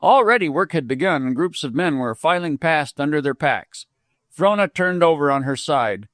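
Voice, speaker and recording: Male audiobook narrator, measured and expressive, slightly high voice, dry close mic. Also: no echo. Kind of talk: scripted narration.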